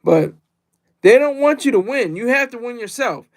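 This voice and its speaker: High, gravelly-voiced man rambling on stream. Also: animated, normal speed. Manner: rambling and repetitive, reads chat aloud. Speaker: livestreamer. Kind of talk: casual livestream monologue.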